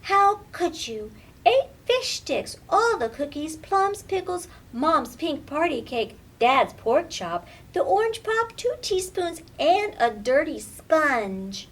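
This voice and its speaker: A woman voicing a little girl who scolds her naughty pet in a high, loud, exclaiming voice. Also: big pitch swings, slow, full character voice. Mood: exasperated.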